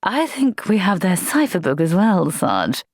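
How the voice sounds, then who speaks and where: A woman voicing a calm, dryly amused male vampire soldier. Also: unhurried, vocal fry, no echo, full character voice. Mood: wry calm. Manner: calm, dry, low drawl. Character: cool, wry male vampire private.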